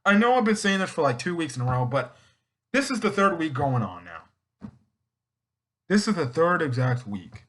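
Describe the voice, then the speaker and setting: A man's voice: on the high side, very animated, moderate pace, pauses often, a bit bright. A man casually recapping and reviewing a TV episode, rambling and correcting himself as he goes, often acting out the characters' lines.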